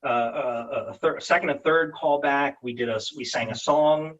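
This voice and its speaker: A man's voice: medium pitch, normal speed, a bit bright, distant mic, dull audio. A man, a voice actor guest, telling stories animatedly in a casual interview over a video call and slipping into character voices.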